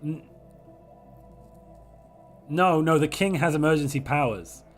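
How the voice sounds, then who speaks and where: A hoarse man hosts a strategy game livestream, making playful, theatrical royal pronouncements. His voice sits a little high. Faint music plays underneath. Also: slow. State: hoarse from a chest infection. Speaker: streamer host.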